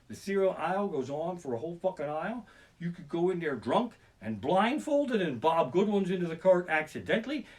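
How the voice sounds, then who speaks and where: A man ranting through a profane stand-up story, talking fast and jumping into panicked shouted voices. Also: on the high side. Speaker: comedian. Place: living room. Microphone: basic home streaming setup.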